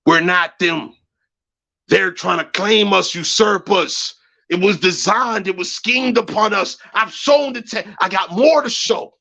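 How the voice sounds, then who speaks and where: A man hosting a heated livestream rant, profane and agitated. He repeats phrases and swings from low mutters to high shouts. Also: unhurried, creaky. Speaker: livestream host. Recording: muffled lo-fi livestream audio.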